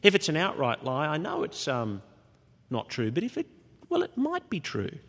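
Preacher in a reverberant hall. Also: male voice, huge pitch swings, moderate pace, husky. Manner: expository, shifts loudness and pitch for emphasis. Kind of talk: sermon.

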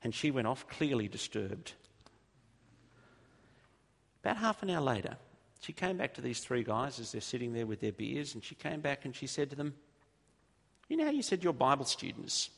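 A middle-aged Australian man preaching a sermon, telling stories and repeating phrases for emphasis, slowing down on key points. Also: mid-range voice, expressive, gravelly, husky. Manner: storytelling, emphatic repetition, slows down for key points. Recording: long reverb of a large hall.

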